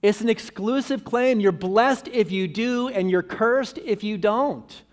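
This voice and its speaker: A pastor delivers a sermon in a man's voice pitched higher than most. He preaches with emphasis and repeats key lines for weight. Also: a little slow.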